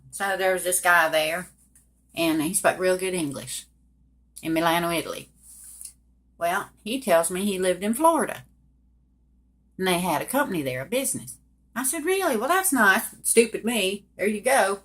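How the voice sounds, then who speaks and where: A woman's voice: fairly low pitch, fairly bright tone. A woman casually telling a personal story in a folksy, colloquial way, speaking straight to her listeners. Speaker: storyteller recounting her own life.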